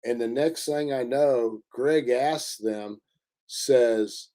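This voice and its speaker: A man telling a story in a casual interview, halting often with fillers and restarts. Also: mid-range voice, mellow. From Indiana. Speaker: interview guest.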